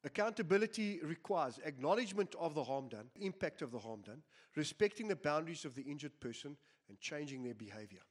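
Male pastor, emphatic repeating sermon delivery, slightly higher voice. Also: expressive, a little fast, hardly any pauses. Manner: earnest, emphatic preaching with repeated phrases.

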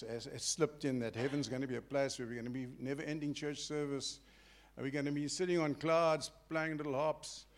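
An older man delivers a sermon like a story told among friends. His voice sits a little high for a man, and it often sinks to a quiet murmur at the end of a point. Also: gravelly. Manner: storytelling, conversational with sudden soft drops. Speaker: preacher.

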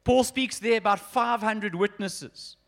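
A man's voice: sits high, unhurried, fairly bright tone. A man in his forties preaching an earnest, emphatic sermon and speaking directly to his congregation. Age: 40s. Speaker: pastor.

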